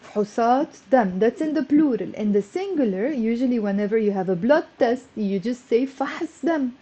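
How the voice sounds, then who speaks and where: A woman teaching Arabic on a live stream, chatty and encouraging, greeting viewers and drilling words slowly. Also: a little high, lively intonation, warm tone. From Lebanon. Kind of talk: live-streamed language lesson. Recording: dull lo-fi stream audio.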